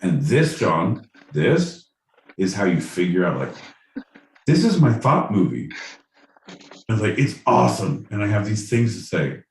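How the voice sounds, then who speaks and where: A man's voice: on the low side, big pitch swings, measured pace, pauses often, far from the mic. A man co-hosting a comedy podcast, riffing in casual banter and mock stand-up bits, swearing freely. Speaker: podcast co-host. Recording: echoey room, off-mic, faint noise.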